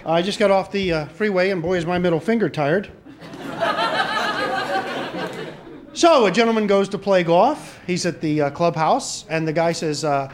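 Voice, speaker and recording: A man doing stand-up, telling joke after joke at a brisk pace and shouting the punchlines in character. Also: sits high, expressive. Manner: brisk punchline delivery, voices shouted golfer lines. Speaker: stand-up comedian.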